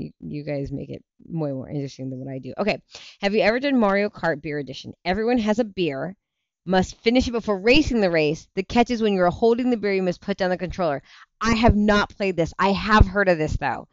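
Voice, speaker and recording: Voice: mid-range voice, fairly quick, no room sound, highs cut off. A tired parent hosting a casual livestream, rambling chattily through viewer comments with plenty of restarts and easy laughs. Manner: rambling, chatty, self-interrupting, laughs easily. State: tired, yawning. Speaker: livestream show host; parent of young kids.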